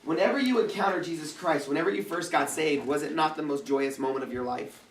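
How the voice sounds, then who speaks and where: A lively man gives a casual youth sermon. He jokes and acts out prayers in funny voices, and his voice sits a little high. He sounds far from the mic, in an echoey church hall with faint room noise behind him. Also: quick pace. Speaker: youth pastor.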